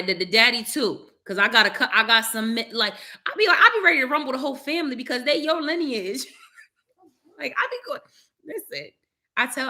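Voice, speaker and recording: Animated African American woman vlogger. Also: medium pitch. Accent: African American English. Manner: animated, laughs often, colloquial and emphatic. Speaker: vlogger, mother of young children. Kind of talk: casual chat to camera.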